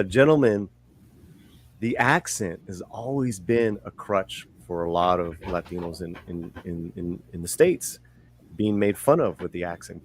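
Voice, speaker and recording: A man hosting a casual panel discussion, talking in a relaxed way, steering the conversation and swearing casually. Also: on the low side, a little hiss or hum. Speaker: host.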